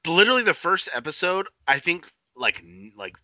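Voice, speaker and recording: A man's voice: on the high side, big pitch swings, moderate pace, sharp tone, dry recording, highs cut off. A man co-hosting a casual podcast, loose and profane, joking around and calling his friend buddy. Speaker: podcast co-host.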